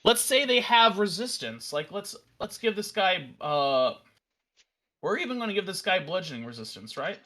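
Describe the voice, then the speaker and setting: A man casually walking through a software demo on a live stream, enthusiastic and rambling, with fillers and restarts. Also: high-pitched, very animated, normal speed. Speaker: developer demoing a virtual tabletop.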